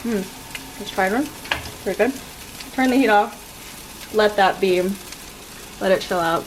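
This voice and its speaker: A woman's voice: mid-range voice, slow pace, pauses often, noisy background. A young woman talking casually while cooking at home, chatty and self-mocking, laughing often at her own mistakes. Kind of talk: casual cooking vlog chat. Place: home kitchen with frying pan. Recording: home kitchen with clear cooking sizzle. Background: sizzling and stirring from the pan.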